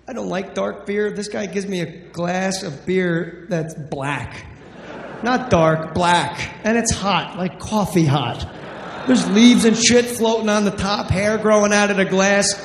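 A brash, foul-mouthed male stand-up comic with a fairly high voice for a man. His tough-guy patter rings around a roomy hall with a long echo. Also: takes it slowly, a little hiss or hum. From New Jersey. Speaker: stand-up comedian. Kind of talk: stand-up storytelling. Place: large hall on stage. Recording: echoey hall reverb.

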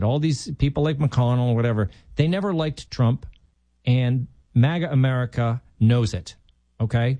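Opinionated talk radio host with a mellow voice. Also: male voice, medium pitch, no room sound. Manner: opinionated, emphatic, thinking aloud.

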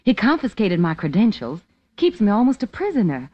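A woman's voice: mid-range voice, wildly swooping pitch, brisk. An actress playing a cool, scheming young American woman in an old-time radio drama. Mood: earnest. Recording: dull lo-fi vintage radio broadcast.

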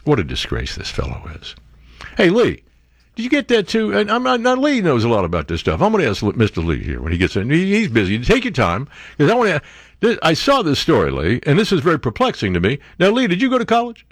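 A man's voice: on the high side, wildly swooping pitch, fast talker, no room sound. A man hosting a talk radio show, ranting sarcastically and mocking others with impressions.

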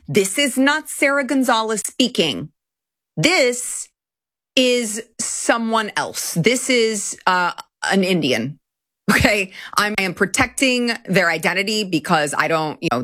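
A woman hosting a commentary talk show, talking in an indignant way that repeats itself and laughs quickly. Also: fairly low pitch, sharp tone, dry recording, clean studio sound. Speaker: host.

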